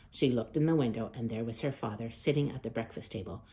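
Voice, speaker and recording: A woman hosting children's storytime, reading a picture book aloud with expressive loud calls and hushed asides. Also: a bass voice, fast talker.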